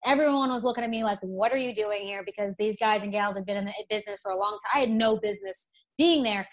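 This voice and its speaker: A young woman from Alabama with a faint Southern accent, chatting candidly as an interview guest, self-deprecating and quick to restart her sentences. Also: mid-range voice. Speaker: interview guest, broadcast presenter. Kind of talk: casual interview.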